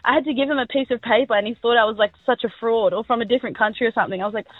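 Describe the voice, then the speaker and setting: A woman's voice: a little high, steady tone, rapid-fire, hardly any pauses, no echo. A young woman in her twenties with an Australian accent calling in to a radio show, chatty and full of fillers. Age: 20s. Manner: chatty, filler-heavy storytelling. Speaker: caller. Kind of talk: telling a story on air. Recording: dry tinny phone line.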